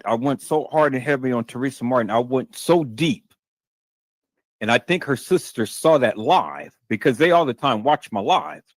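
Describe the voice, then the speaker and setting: A man's voice: medium pitch, no room sound. A man hosting a livestream, talking heatedly with lots of stammered restarts and cursing. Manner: repetitive, stammering restarts, emphatic and profane. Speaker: livestream host.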